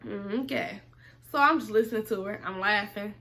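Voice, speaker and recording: A young woman telling a casual storytime, animated and slangy, acting out both sides of the conversation. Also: medium pitch, normal speed.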